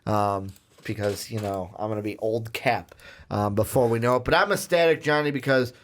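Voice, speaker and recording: A man hosting a casual podcast chat, excitable and rambling with lots of fillers. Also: lowish voice, moderate pace, slight background noise. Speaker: podcast host.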